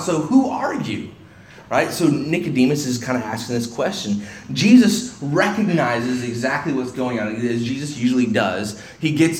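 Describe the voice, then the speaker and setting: Conversational man preaching in an echoey hall. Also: medium pitch. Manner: conversational, with many restarts and acted-out quotes. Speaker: pastor. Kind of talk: expository sermon. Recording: echoey room, faint hiss.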